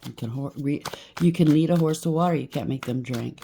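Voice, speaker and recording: Woman, tarot reader, low voice, mellow tone, rambling, preachy, chatty asides. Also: fairly quick, creaky, slight background noise. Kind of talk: collective tarot reading.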